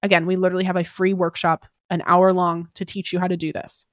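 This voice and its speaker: A woman's voice: fairly low pitch, level tone, no echo. Chatty woman podcast host, dry sound. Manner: quick, chatty delivery with frequent "right?" tag questions; fillers like "like" and "kinda". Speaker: podcast host giving job-interview advice. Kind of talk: casual advice podcast.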